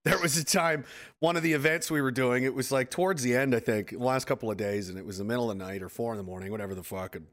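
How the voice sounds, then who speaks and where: A man in his thirties telling old army stories in casual chat, profane and animated, acting out what people said. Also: medium pitch, quick pace. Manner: profane, animated storyteller, acts out quotes. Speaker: podcast host, military veteran.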